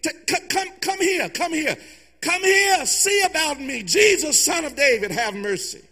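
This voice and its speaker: A man voicing a desperate blind male beggar who cries out, pleading and yelling. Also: huge pitch swings, brisk, breathy edge, long reverb tail, heavily acted. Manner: yelling, pleading, high-pitched.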